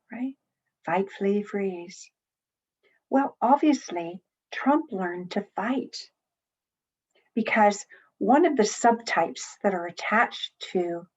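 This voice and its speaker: A woman's voice: medium pitch, a little mellow, slightly rough. A middle-aged woman, an elder and psychotherapist, giving an earnest conference talk with many restarts. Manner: earnest, teaching, with frequent restarts. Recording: slightly dull lo-fi online audio.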